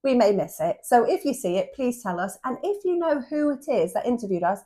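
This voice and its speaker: A middle-aged English woman from England, chatting excitedly and fast as a podcast co-host. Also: a little high. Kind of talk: casual chat.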